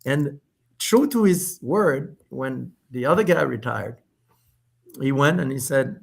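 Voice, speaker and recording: A middle-aged man with a medium-pitched, creaky, husky voice tells stories as a podcast guest; he founded a spirits company. The interview is casual, and he's animated, speaking in quick bursts full of restarts and fillers.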